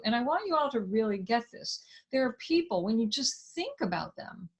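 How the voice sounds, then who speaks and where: This is a woman hosting a live online conversation, with a voice set somewhat high. She talks in an effusive, enthusiastic way, reading viewer comments aloud and thanking everyone. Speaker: host. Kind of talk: live online interview wrap-up.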